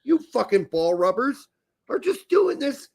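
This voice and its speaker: A soccer podcast co-host rants crudely and sarcastically, throwing in mock-emotional asides. His very high-pitched voice swings widely in pitch and has vocal fry and a darkish tone, and he talks a little slowly in this heated, casual rant.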